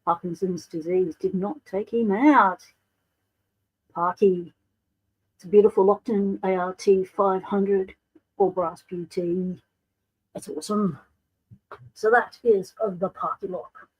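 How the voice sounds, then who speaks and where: Husky Australian woman hosting a livestream. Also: medium pitch, fairly even intonation, slow, long pauses, highs cut off. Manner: chatty, greets viewers by name. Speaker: livestream host. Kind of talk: casual livestream chat.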